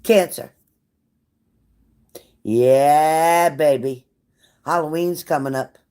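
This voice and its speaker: A woman's voice: low voice, lively intonation, moderate pace, darkish tone. Woman, tarot reader, live reading, blunt, profane, repetitive, pep-talk delivery. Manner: repeats phrases for emphasis.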